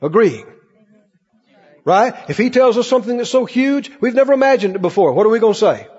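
High-voiced, animated male pastor preaching. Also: a little fast, husky, long reverb tail, highs cut off. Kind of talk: sermon. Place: church.

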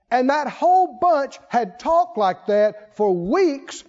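A man preaching a sermon in an animated style, acting out stories and dropping into hushed asides. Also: extremely high pitch, takes it slowly, hardly any pauses, highs cut off.

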